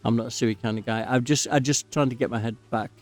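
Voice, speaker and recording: A man's voice: medium pitch, steady tone, fast, faint music behind. A man rambling and drifting off topic while giving casual commentary as he plays a game. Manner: rambling, digressive, easily sidetracked. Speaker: gaming channel host.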